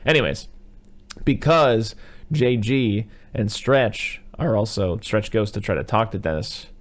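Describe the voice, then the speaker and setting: A man's voice: on the low side, unhurried. A man hosting a podcast, rambling through movie recaps with lots of fillers in casual chat. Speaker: podcast host.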